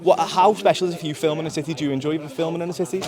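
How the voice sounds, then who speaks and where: A man's voice: fairly high pitch, fairly even intonation, very fast, a crowd in the background. Upbeat male press interviewer. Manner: encouraging, frequent laughs and backchannel.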